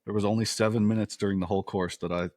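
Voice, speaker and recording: A middle-aged man and former soldier, casually telling profane, animated stories as a podcast guest. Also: lowish voice, very fast, dry recording, studio quality. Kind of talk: casual storytelling.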